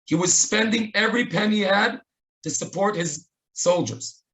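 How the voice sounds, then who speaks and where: An Israeli man with a high, bright voice tells a tribute story earnestly. He slips into quoted dialogue as he goes, speaking into a webinar microphone. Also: moderate pace.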